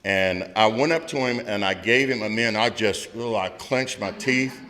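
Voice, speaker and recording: A middle-aged man gives a candid recovery share in a loud, blunt storytelling manner. His voice is bright and forceful, and it rings with a long hall reverb. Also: fairly low pitch, moderate pace. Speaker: speaker at a recovery meeting.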